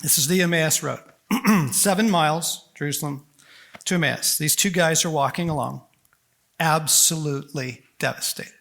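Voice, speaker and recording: A man delivering a storytelling sermon to a conference crowd. His voice sits high and sounds bright. He jokes constantly and slips into acted-out quotes as he goes. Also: normal speed, gravelly. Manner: animated and joking, acting out quotes. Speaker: conference speaker.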